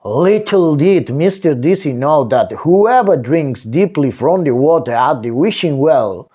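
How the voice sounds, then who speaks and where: A man reading a children's bedtime story aloud, slow and expressive with dramatic pauses, into a desktop microphone. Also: mid-range voice, slightly rough, muffled recording. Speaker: storytime reader.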